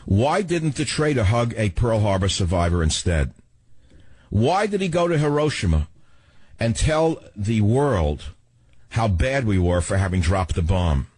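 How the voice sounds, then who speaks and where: Brief: male radio host, lowish husky voice, combative rant. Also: a little mellow, no room sound. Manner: combative, ranting, rhetorical questions. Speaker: radio talk show host. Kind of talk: talk radio monologue.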